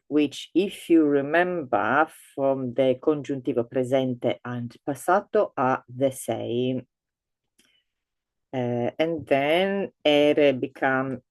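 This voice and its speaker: A woman teaching an online grammar lesson in a patient, explanatory way. Her voice has a gravelly, fry-tinged texture, and she speaks slowly, reading forms out with care. The recording is dry, with no room sound. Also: extremely low pitch, no echo. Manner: patient, explanatory, walks through a table; reads out verb forms slowly and carefully. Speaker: language teacher.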